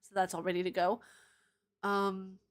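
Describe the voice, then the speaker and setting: A woman's voice: mid-range voice, level tone, moderate pace. A woman streaming live, chatting casually and answering viewer comments, rambling into tangents and laughing often.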